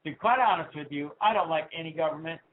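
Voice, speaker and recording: Fired-up high-voiced male radio host. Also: fast. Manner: fired-up, ranting, swings from low asides to loud outbursts. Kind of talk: political talk radio rant. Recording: tinny phone-like sound.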